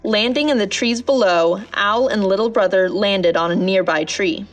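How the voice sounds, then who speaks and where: A woman narrating a children's storybook in a gentle, measured reading voice. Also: medium pitch, dull audio, soft background music.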